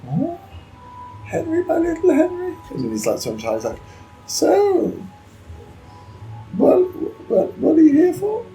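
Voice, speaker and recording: A man voicing a frantic, doting male farmer with a shrill, wailing, fussy manner. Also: wildly swooping pitch, measured pace, long pauses, dark tone, faint music behind, full character voice, rough recording.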